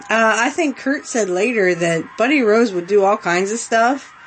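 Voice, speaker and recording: A woman's voice: fairly high pitch, measured pace, slight background noise, poor audio. A young adult woman hosting a watch-along podcast, chatting casually and giggly with lots of fillers. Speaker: podcast host.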